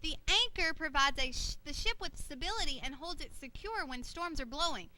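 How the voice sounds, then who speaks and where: A kindly puppet shipmate, voiced by a woman, who patiently explains the lesson to the children. The voice is high and very bright. The delivery is plain and teaching. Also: animated, moderate pace, heavily acted. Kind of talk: children's church puppet show.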